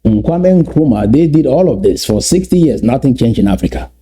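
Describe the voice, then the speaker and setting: A man's voice: medium pitch, expressive, moderate pace, dark tone, slightly rough. A man giving an impassioned address to his community, emphatic and repetitive, with many rhetorical questions. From Southern Cameroons. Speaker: political speaker.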